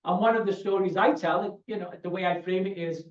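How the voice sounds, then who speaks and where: A man's voice: high voice, steady tone, a little fast, far from the mic. A man with a Liverpool accent answers an audience question at a talk, wandering through anecdotes and restarting sentences as he goes. He sits well back from the microphone, so his voice comes through dull and echoing around a big room. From Liverpool, England. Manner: digressive, anecdotal, frequent restarts. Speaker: guest speaker, scholar. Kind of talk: conversational Q&A answer. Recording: dull, roomy audio from afar.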